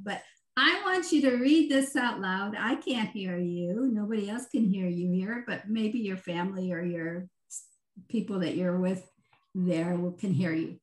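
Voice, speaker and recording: A woman facilitating a virtual group session, giving gentle, unhurried instructions over a video call and often checking in with "right?". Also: mid-range voice, echoey room, poor audio. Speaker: retreat facilitator.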